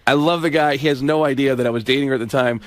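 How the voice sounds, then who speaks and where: A man's voice: mid-range voice, fairly even intonation, rapid-fire, dry recording. A male comedian telling stories in a casual radio chat, rambling and laughing between lines. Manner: rambling, storytelling, frequent restarts and laughs. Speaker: comedian guest.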